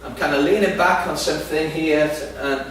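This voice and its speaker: A man's voice sits on the high side and sounds a bit bright as he preaches at a moderate pace. He tells his audience in a large hall a humorous story that pokes fun at himself, recorded with a distant mic in an echoey space with background noise.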